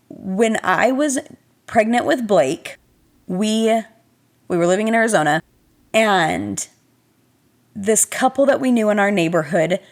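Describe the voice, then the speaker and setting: A young adult woman vlogger telling a personal story in a chatty, animated, self-deprecating way, talking straight to her viewers. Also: medium pitch. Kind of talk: casual storytelling to camera.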